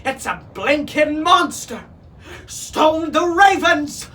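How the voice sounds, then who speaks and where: A man's voice: extremely high pitch, lively intonation, slow, sharp tone, slight background noise, pitched above the performer's own voice, heavily acted. A man voicing a panicky male pirate parrot that screeches its warnings in frantic cries. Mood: squawking alarm. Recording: voice from some distance off.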